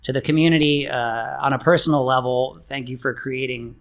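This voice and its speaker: A middle-aged man, a guest co-owning a music venue, talking in a relaxed, halting way with many fillers, lively when telling stories. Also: medium pitch. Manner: relaxed, halting, full of fillers, animated in anecdotes. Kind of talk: casual interview chat. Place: room by an open window on a busy street.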